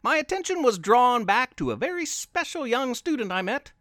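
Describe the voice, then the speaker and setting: A man reading a playful storybook tale aloud as host, with an expressive storytelling manner. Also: extremely high pitch, normal speed, no room sound, clean studio sound. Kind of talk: storybook narration.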